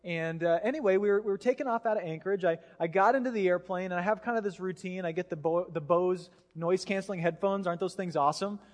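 A man, a pastor, preaching a sermon in a casual, animated storytelling way, acting out voices as he goes. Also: high voice, fast talker, few pauses. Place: church sanctuary. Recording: long hall reverb.

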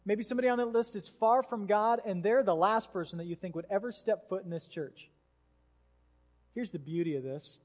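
A male pastor preaching a sermon, telling a story in an animated way and acting out what people said. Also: high-pitched, brisk, soft background music. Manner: animated storytelling with acted-out quotes. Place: church sanctuary. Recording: long hall reverb in a church.

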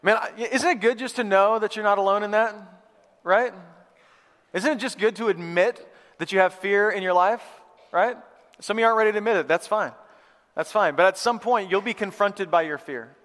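A male pastor giving a lively, conversational sermon to a live church congregation, repeating phrases for emphasis. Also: sits high, normal speed. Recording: long hall reverb.

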